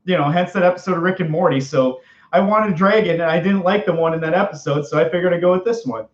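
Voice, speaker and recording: A livestream host does a character chat as Morty, a nervous, stammering fifteen-year-old boy, using a high-pitched voice that stays close to his everyday one. He talks quickly and jittery, stuttering and repeating "oh geez" and "oh boy." The audio is dull, lo-fi and echoing off the room.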